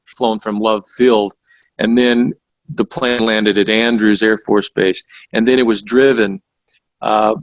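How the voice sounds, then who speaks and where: A man's voice: fairly low pitch, no echo. Methodical male guest on a dull line. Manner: detailed, methodical storytelling. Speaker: author and researcher guest. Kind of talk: radio interview.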